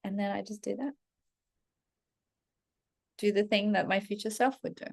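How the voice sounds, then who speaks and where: Woman coach in her thirties, middle pitch with gravelly fry, blunt and chatty. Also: moderate pace. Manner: candid, heavy swearing, animated self-talk. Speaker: self-development coach. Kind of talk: casual spoken storytelling to followers.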